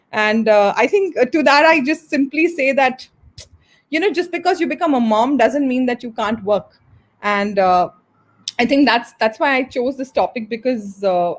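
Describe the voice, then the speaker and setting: A woman in her thirties, a business founder and trainer, answering in a live online interview, earnest, with many fillers and restarts. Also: a little high. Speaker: guest entrepreneur and trainer.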